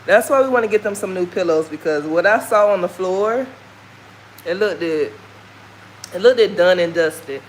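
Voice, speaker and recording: A woman's voice: on the low side, moderate pace, slight background noise, poor audio. A woman from the American South with a Southern accent, talking candidly and folksily in a casual walking vlog. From Southern United States. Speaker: vlogger. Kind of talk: casual chat while walking. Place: outdoors on a walk.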